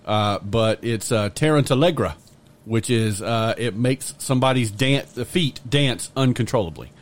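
A man's voice: mid-range voice, normal speed. A man hosting a podcast in casual chat who jokes around and rambles through playful asides. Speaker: podcast host.

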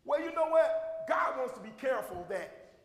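A man preaching a sermon as pastor, with a Southern American accent, shouting and repeating refrains to a responding congregation. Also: very high voice, big pitch swings, moderate pace, soft background music. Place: church sanctuary with congregation. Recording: echoey hall recording.

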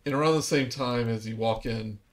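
A man's voice: mid-range voice, fairly quick. A man narrating as game master for a tabletop game, talking casually with many fillers and restarts.

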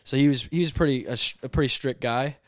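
A young man in casual podcast chat, talking in a quick, filler-heavy way. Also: mid-range voice, no room sound, clean studio sound. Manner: fast, filler-heavy, lots of "like". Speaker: podcast host.

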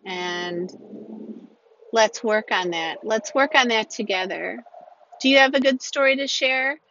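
A woman's voice: fairly high pitch, measured pace, fairly bright tone, slight background noise. A woman telling a personal story in an earnest, emphatic way, repeating phrases to drive her point home. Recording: dull lo-fi recording.

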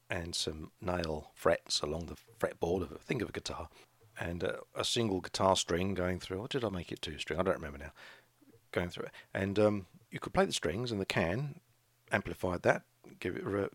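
A middle-aged man with a deep, husky voice talks through a casual solo podcast. He rambles and restarts his sentences often. The recording is close and dry. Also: a bit bright, no room sound. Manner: rambling, hesitant, with frequent restarts. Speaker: podcast host, craft shop owner.

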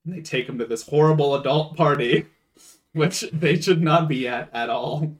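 A man recaps a film for his co-hosts in loose, casual chat. His voice sits a bit high, and he keeps breaking into the characters' lines and laughing as he goes. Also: moderate pace. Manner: retells scenes, acting out lines with laughs. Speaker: podcast co-host.

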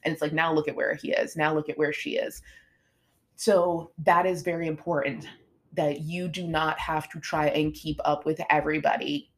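A woman's voice: deep voice, moderate pace. A middle-aged woman fitness coach hosting a podcast, talking casually and motivationally, acting out what her students say. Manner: chatty, animated, acts out her students' lines.

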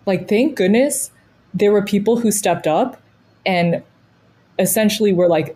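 A woman's voice: medium pitch, unhurried, long pauses, mellow, slightly rough. An American woman co-hosting a podcast, telling stories in a casual, chatty way full of "like". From United States. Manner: chatty, storytelling, frequent "like" fillers. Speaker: podcast co-host.

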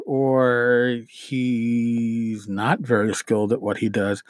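A man with a rather high voice talks through tabletop game-mastering tips in a loose, rambling way, repeating himself and poking fun at himself as he goes. The sound is dry and close, with almost no room in it. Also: dry recording. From New York City. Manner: rambling, self-deprecating, with frequent restarts. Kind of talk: casual advice talk.

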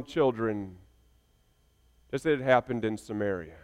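A man preaching a sermon with an emphatic, repetitive cadence, moving between quiet reflection and forceful declaration. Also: mid-range voice, measured pace, pauses often, clear, resonant tone. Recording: long hall reverb.

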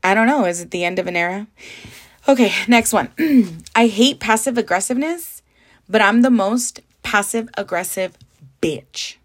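A young woman from the Southern California desert hosts a casual solo podcast, talking candidly and chattily while mixing in Spanish and curse words. Her voice sits at a medium pitch and moves at a moderate pace.

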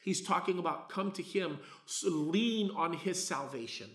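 A middle-aged man preaching a sermon as a pastor, talking in a casual, conversational way and swinging between loud, emphatic passages and hushed asides. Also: on the high side, unhurried. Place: church hall. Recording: roomy church echo.

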